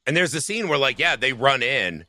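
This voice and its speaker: A man with a very bright, forceful voice co-hosts a casual film podcast. He recounts scenes with swearing and animated energy. The sound is close and dry. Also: medium pitch, moderate pace, no echo. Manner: profane, animated scene retelling. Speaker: podcast co-host.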